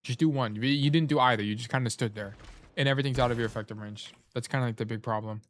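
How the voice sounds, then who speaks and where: Male game coach, mid-pitch, casual and blunt, swears a lot, talks while snacking. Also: quick pace. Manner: blunt, swears freely, corrects himself often. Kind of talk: casual gameplay review coaching.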